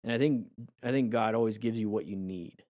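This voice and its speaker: A man who coaches motorcycle riding, his voice going hoarse, talks in a reflective, rambling way with viewers on a live stream, often restarting his sentences. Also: lowish voice, brisk, dark tone, no room sound, clean studio sound.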